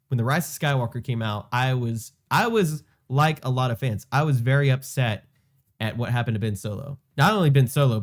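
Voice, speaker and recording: An earnest man talking through his reaction in a loose, conversational way. He pauses often with fillers and restarts, and his pitch sits in the middle of the range. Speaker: YouTube commentator. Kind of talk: reaction commentary.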